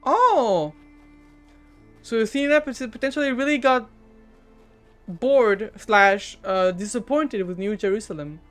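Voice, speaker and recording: French lady streaming a game, giggly, stammers a lot, smooth clear voice, bit of music behind. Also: a little high, moderate pace. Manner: self-teasing, stammering, giggly. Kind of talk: casual gaming commentary.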